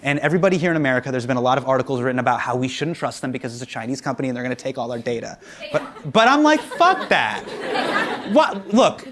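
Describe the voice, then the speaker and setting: A man hosting a comedy show, answering audience questions on stage with lots of laughter and acted-out quotes. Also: fairly high pitch. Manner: animated, laughing, acts out quotes. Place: studio stage before a live audience. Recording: loud audience and background noise.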